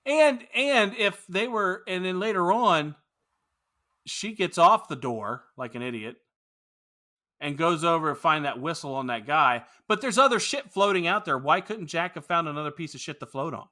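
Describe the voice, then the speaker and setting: Swearing freely, this man co-hosts a podcast and gives his casual, opinionated take on a movie. He speaks at a moderate pace in an expressive voice that is slightly high, pushed and bright.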